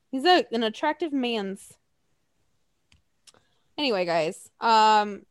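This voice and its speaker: A young woman co-hosting a casual podcast, animated and laughing often, swearing freely. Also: medium pitch, no echo, clean studio sound. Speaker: podcast co-host. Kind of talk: casual chat.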